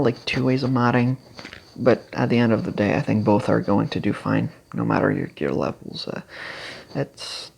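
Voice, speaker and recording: A casual game strategy guide creator explaining team builds haltingly, with many fillers and restarts, and clearing their throat now and then. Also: medium pitch, a little hiss or hum, poor audio.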